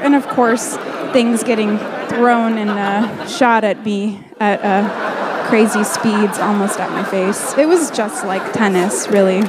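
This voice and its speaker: A woman in her thirties performing a stand-up comedy set, telling candid stories in a deadpan way with quick acted-out asides. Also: mid-range voice, a loud crowd, heavy background noise. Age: 30s.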